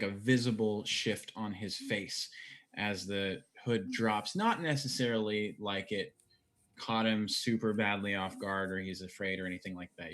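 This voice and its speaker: A man narrating a tabletop game as game master, in a relaxed, descriptive way with fillers. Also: on the low side.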